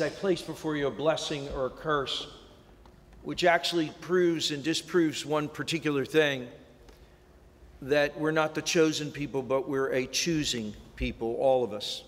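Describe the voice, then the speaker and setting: A man leading a reflective sermon at a vigil, telling a story in a slow, measured way. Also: a little high. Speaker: clergy leader. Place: large synagogue sanctuary. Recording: long reverb of a large hall.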